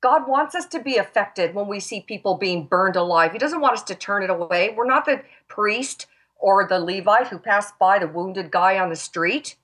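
A woman's voice: mid-range voice, expressive, moderate pace, fairly bright tone. Passionate woman giving a Christian testimony. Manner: passionate, emphatic, near tears. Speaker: talk show guest.

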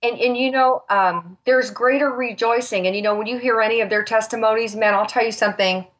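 A woman's voice: a little high, steady tone, a little fast, a bit bright. Woman guest, fervent faith testimony, emphatic and emotional. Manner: passionate, emphatic, near tears. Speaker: talk show guest.

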